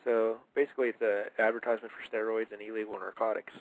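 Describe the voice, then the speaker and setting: A man's voice: fairly low pitch, flat delivery, fast talker, poor audio. A young man hosting a casual radio show, who chats enthusiastically in a rambling way. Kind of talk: casual chat.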